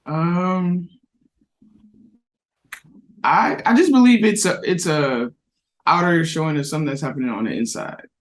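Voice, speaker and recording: Higher-pitched man, thoughtful parent sharing an anecdote. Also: expressive, a little slow, pauses often. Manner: reflective, restarts, tells anecdotes. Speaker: parent on a discussion panel. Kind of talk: casual discussion.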